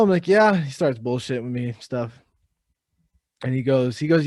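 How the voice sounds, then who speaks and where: A young man co-hosting a podcast in casual chat, animated, cursing freely and imitating the people in his stories. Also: on the high side, a little fast, dry recording, studio quality. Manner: animated, swears a lot, imitates others. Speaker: podcast co-host.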